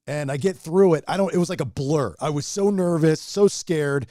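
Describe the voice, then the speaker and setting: A man's voice: fairly high pitch, moderate pace, dark tone, dry recording, studio quality. A man who is a radio personality, a guest on a podcast, telling a heartfelt personal story in a rambling, emotional way with many restarts. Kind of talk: casual storytelling chat.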